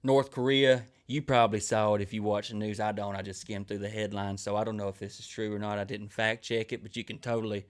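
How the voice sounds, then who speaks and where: A man's voice: fairly low pitch, steady tone, quick pace, few pauses, clean tone. Profane rambling man, comedian. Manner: crude, rambling, swears constantly, acts out quoted people. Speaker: comedian podcast host. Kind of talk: profane storytelling monologue.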